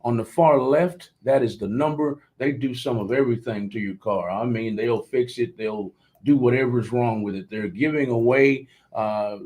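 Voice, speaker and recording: A man's voice: medium pitch, normal speed, few pauses, darkish tone, low-quality recording. A man hosts a local radio show. His talk is folksy and loose, and he repeats phrases as he goes.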